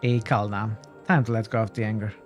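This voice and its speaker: A man's voice: on the low side, fairly even intonation, a little fast, faint music behind. A man streaming a role-playing game, reading his replies aloud in a playful, teasing way.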